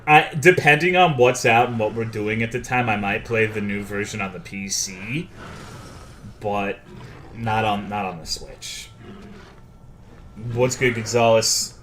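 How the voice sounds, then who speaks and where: A man's voice: on the low side, a little slow, pauses often, a bit bright, slight background noise. A young man streaming a game, chatting casually with viewers, swearing often and joking. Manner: profane, joking, reading chat aloud. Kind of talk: casual live-stream chat.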